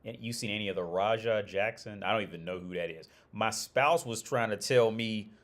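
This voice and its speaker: A man's voice: on the low side, normal speed, fairly bright tone. A man hosting a casual livestream chat, rambling and profane, with lots of restarts and frequent laughter. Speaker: livestream host.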